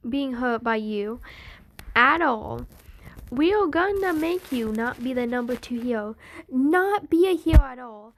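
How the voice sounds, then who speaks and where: Menacing, protective young man, as a woman puts him on, slow and emphatic. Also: sits high, lively intonation, slight background noise. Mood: threatening.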